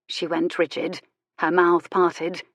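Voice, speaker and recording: A woman narrating a historical romance audiobook in a measured, expressive way. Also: fairly low pitch, no echo. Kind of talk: scripted narration.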